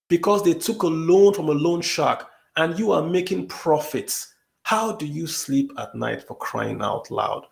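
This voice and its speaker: Gravelly, impassioned Nigerian man. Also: on the high side. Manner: emphatic, rhetorical, pleading questions. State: emotional. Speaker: podcast host. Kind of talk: impassioned online audio discussion.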